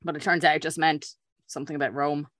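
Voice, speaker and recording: A woman's voice: low-pitched, fairly even intonation, fast, a bit bright, dry recording, studio quality. A woman from Wales co-hosting a podcast, chatting casually, gossiping, laughing and swearing now and then. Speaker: podcast co-host. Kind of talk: casual chat. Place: home, Dublin.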